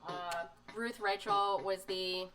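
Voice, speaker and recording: A woman's voice: mid-range voice, steady tone, extremely slow, poor audio. A woman chatting casually on a live stream, reading magazine bits aloud with lots of fillers and emotional asides. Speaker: streamer showing zines. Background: soft music.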